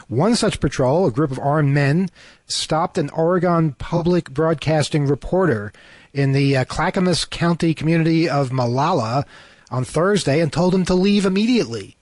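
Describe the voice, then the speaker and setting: A man's voice: on the high side, no room sound. A man co-hosting a talk show over a remote call, reading news items and cutting in with sarcastic asides, full of fillers and restarts. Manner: hesitant, many fillers and restarts.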